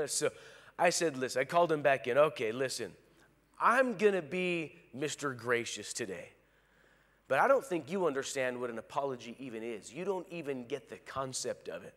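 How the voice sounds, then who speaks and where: A male pastor preaching a sermon, animated, acting out quoted lines. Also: medium pitch, normal speed, long reverb tail. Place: large church hall.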